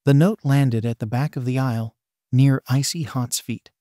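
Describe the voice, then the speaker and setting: A man reading fan fiction aloud in a steady, plain way, swear words and all. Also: medium pitch, normal speed, dry recording, studio quality. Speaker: story narrator.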